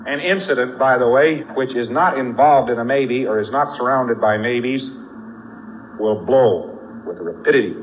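A man's voice: mid-range voice, normal speed, highs cut off, slight background noise. A man giving a spoken lecture, telling folksy stories with frequent asides.

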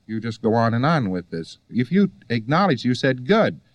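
A man's voice: mid-range voice, very animated, moderate pace, no echo. Wry male lecturer, dry sound. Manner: conversational, rhetorical questions, wry asides. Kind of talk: recorded lecture to students.

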